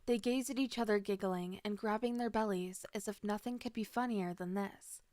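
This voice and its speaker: A woman's voice: mid-range voice, moderate pace, hardly any pauses, darkish tone, no echo, studio quality. A woman narrating a dramatic first-person story with emotional delivery.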